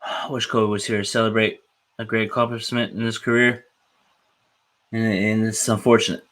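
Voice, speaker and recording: A man's voice: fairly low pitch, little pitch movement, normal speed, fairly bright tone, a little hiss or hum. A man hosting a casual sports podcast who talks in an emotional, repetitive way and keeps ending phrases with "man". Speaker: podcast host.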